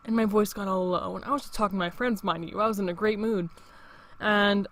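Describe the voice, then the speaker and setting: A man's voice: high-pitched, brisk, a bit bright. Teen guy hosting his own show, rambly and sweary, keeps restarting his sentences. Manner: rambling, profane, frequent restarts. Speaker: show host. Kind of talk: casual monologue.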